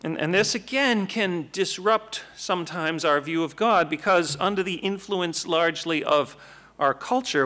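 A man giving an animated, conversational Bible teaching, with frequent rhetorical questions. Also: fairly high pitch.

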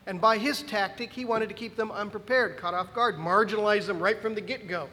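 A male pastor delivers a sermon in a high, bright-sitting voice, emphatic and animated, with wry asides to his listeners. His words ring out with a long reverb, as in a large church hall. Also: brisk, a little hiss or hum.

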